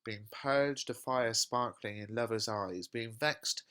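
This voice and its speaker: A male teacher reading out a lovesick, melodramatic young man in slow, dramatic verse recitation. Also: lowish voice, sharp tone, clean tone. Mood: overwrought.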